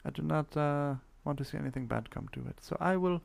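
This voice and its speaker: A man's voice: fairly high pitch, fairly quick, gravelly, pitched above the performer's own voice. A man playing a stiffly polite visitor. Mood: courteous. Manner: formal, stiff courtesy.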